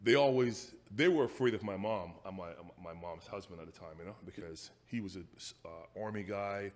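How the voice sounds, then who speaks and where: A man in his forties from Jamaica with a Jamaican accent, telling stories about his youth in a casual interview, halting and restarting his sentences. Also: fairly low pitch, long reverb tail. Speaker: guest.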